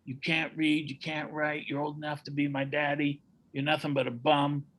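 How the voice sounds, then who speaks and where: A brash young boxer hurls boastful taunts in a raised, slightly hushed voice, as a man acts him out. The tone is bright and cutting, with quick jabs of mockery. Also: on the high side, completely flat delivery, slight background noise. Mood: taunting. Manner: boastful, rapid-fire taunts.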